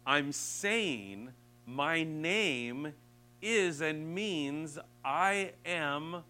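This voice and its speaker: A man preaching a sermon, earnest, rising to emphatic peaks and dropping soft and slow. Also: fairly high pitch, expressive, rough recording.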